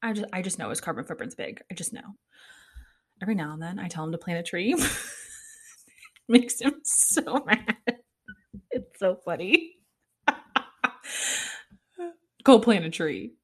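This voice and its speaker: A woman's voice: lowish voice, animated, moderate pace, long pauses, fairly bright tone, husky. A young woman hosting a casual solo podcast, chatting and ranting with exasperation, laughing often and swearing casually. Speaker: podcast host.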